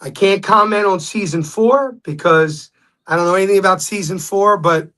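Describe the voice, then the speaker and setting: A man, a guest telling stories in a casual interview, animated when quoting others. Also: high-pitched, moderate pace.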